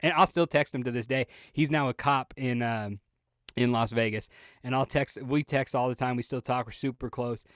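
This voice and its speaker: A man co-hosting a podcast, telling a long, profane, animated story in casual chat and acting out the lines of the people in it. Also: medium pitch, moderate pace, dry recording, studio quality. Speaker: podcast co-host.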